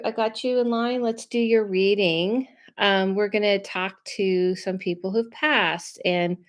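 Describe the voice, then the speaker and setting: A woman hosting a live stream as a psychic medium, talking casually and reassuringly and drifting off on tangents. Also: mid-range voice. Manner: rambling and chatty, drifting off on tangents; reassuring and conversational, often checking in with listeners. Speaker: psychic medium livestream host. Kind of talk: casual live-stream chat giving readings.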